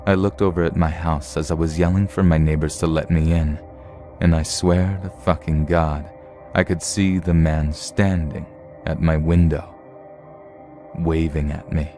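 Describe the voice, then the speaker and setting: Man, horror story narrator, low pitched, mellow tone, measured reading. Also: soft background music. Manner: steady, measured storytelling read.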